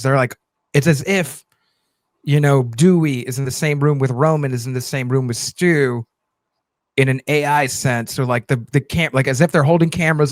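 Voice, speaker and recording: A man chatting casually about a movie trailer in an animated way, restarting his sentences and saying "like" a lot. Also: mid-range voice, dry recording, studio quality. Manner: animated, repeats words and restarts, says "like" often. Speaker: podcast co-host.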